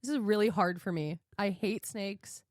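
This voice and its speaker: A woman in her thirties co-hosting a podcast, telling a story in casual chat, animated and laughing often as she acts out what she said. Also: medium pitch, moderate pace, no room sound, studio quality. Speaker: podcast co-host.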